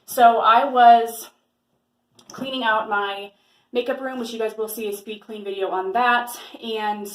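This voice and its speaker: A woman's voice: a little high, fairly even intonation, unhurried. A young woman in her twenties vlogging casually at home, chatty and rambling with lots of fillers. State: slightly out of breath. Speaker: lifestyle vlogger. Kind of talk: casual vlog chat. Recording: echoey room.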